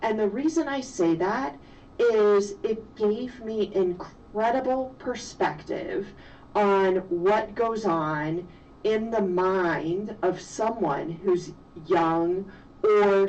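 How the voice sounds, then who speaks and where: A middle-aged woman, a physician and mother, telling a personal story slowly and reflectively in an interview. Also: mid-range voice, a little mellow. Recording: distant, dull lo-fi sound with faint noise.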